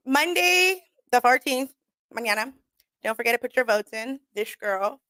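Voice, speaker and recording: A woman's voice: a little high, measured pace, bright, forceful tone, dry recording. A young woman hosting a talk radio show, telling stories in a casual rambling way, laughing often and swearing as she quotes people. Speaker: radio show host and comedian. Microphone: studio microphone.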